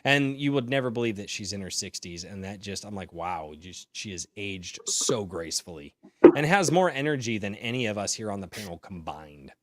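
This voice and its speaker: Excitable American man hosting a live stream. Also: lowish voice, normal speed, dry recording, clean studio sound. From United States. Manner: excitable, joking, swings from loud to mumbled. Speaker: podcast host. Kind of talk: casual live-stream chat.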